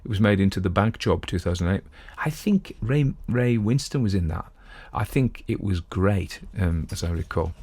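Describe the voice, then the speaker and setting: A man's voice: deep voice, lively intonation, moderate pace, hardly any pauses, warm tone, breathy edge. A middle-aged man hosting a podcast, chatting casually and digressively about a classic detective story from his home. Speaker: podcast host. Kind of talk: casual talk on classic literature.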